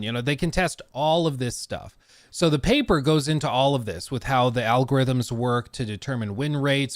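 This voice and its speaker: A young adult man co-hosting a casual podcast, animated and acting out quotes with big pitch swings. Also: no echo, studio quality. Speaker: podcast co-host.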